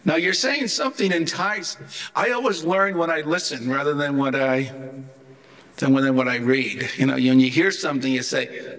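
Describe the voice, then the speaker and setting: A man's voice: a little high, normal speed, a bit bright. Wry older man lecturing. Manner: wry, joking asides; chatty, rambling with restarts. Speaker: guest theology lecturer. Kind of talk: humorous anecdotal lecture.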